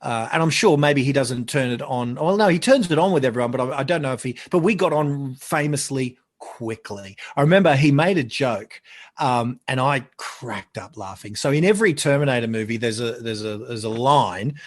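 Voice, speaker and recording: A middle-aged man, a podcast guest, telling stories in a chatty, animated way and often repeating words as he gets excited. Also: mid-range voice, normal speed. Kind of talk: casual storytelling chat.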